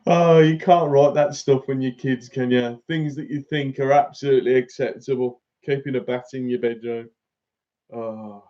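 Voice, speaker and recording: Male host, casual and chatty, average pitch, lo-fi recording. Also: steady tone, normal speed, dark tone. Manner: chatty, laughs often, reads out viewer comments. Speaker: fishing channel host. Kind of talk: casual live-stream chat.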